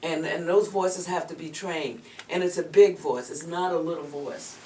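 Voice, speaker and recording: Chatty vocal coach lady, kinda low voice, noisy background, sounds far from the mic. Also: fairly even intonation, moderate pace, mellow. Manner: encouraging and chatty, calls the student "girl". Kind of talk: voice lesson instruction. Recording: echoey room, mic far off, background noise.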